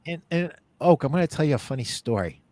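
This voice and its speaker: Animated male podcast host, dry sound. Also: on the high side, fast talker, no echo. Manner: animated, laughs while telling stories. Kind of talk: casual interview storytelling.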